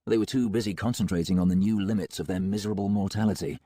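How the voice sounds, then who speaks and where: Male audiobook narrator, low husky voice, expressive, dry close sound. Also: fast, no echo. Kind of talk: first-person audiobook narration.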